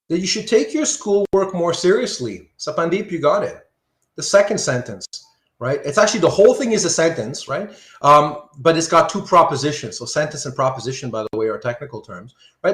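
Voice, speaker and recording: A man teaching an online philosophy class, animated and often checking in with "right?". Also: a little high, moderate pace, echoey room. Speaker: philosophy lecturer.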